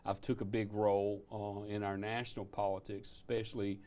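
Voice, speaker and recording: A man's voice: fairly low pitch, little pitch movement, fairly quick, warm tone. A man with an Alabama Southern accent, speaking as an interview guest in an easygoing, plain-spoken way. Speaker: guest, public service commissioner. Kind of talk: casual interview chat.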